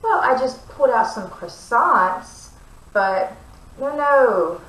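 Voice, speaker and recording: A woman's voice: on the high side, animated, takes it slowly, fairly bright tone, echoey room, pitched above the performer's own voice, rough recording. A woman reading a storybook and voicing a kind, shy young baker who is polite and easily flustered.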